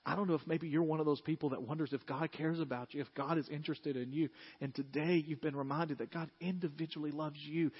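A man's voice: a little high, steady tone, fast talker, hardly any pauses, husky. A man preaching a sermon as pastor in a church, speaking earnestly and directly to his congregation. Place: church sanctuary. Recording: slightly dull lo-fi sermon recording.

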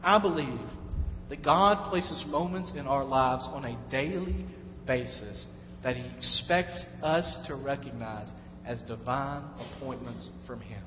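A man's voice: medium pitch, a little slow, noisy background. A man preaching a sermon in a conversational way, now and then acting out the voices of people he quotes. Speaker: pastor. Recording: echoey hall, dull lo-fi sound.

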